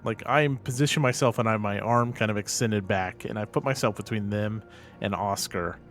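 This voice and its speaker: A man's voice: on the low side, steady tone, fairly quick, a bit bright, soft background music. Earnest man role-playing a formal investigator. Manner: formal, earnest in-character declarations. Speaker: player. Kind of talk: tabletop role-play, in-character speech.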